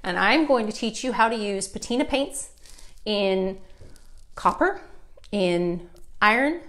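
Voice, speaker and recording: A woman's voice: mid-range voice, lively intonation, takes it slowly. A middle-aged woman with a Canadian accent, giving a chatty, upbeat live furniture painting tutorial and talking straight to her viewers.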